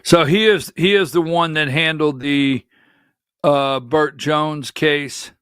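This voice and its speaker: A man's voice: a little high, fairly even intonation, slow pace, fairly bright tone, smooth, dry recording, clean studio sound. A man hosting a live political commentary show, agitated and exasperated, calling out instructions to his producer between remarks. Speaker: political talk show host.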